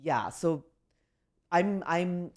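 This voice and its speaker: Guesting on a podcast, a woman comedian chats casually and tearfully, rambling with lots of "like" fillers and self-deprecating jokes. Her voice is fairly low, with lively intonation and drawn-out words.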